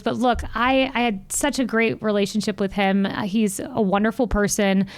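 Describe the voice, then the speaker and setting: With a fairly high voice and an unhurried delivery, a woman in her thirties recounts personal stories during an interview where she's the guest. Her retelling is animated, earnest, and heartfelt.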